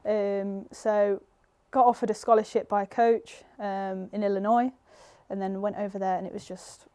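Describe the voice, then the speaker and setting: A woman's voice: mid-range voice, flat delivery, normal speed, warm tone. A young woman with an English accent, chatting casually as an interview guest, full of "like" and "you know". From England. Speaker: guest footballer.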